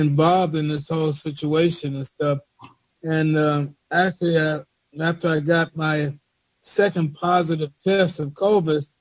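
A man reading a spoken word poem he wrote, in a slow rhythmic delivery with repeated refrains. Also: fairly high pitch, darkish tone, no room sound, low-quality recording. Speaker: poet reading his own poem.

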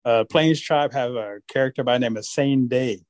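A man who is a storyteller, telling folk tales in an animated way during an interview. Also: mid-range voice, normal speed, dry recording.

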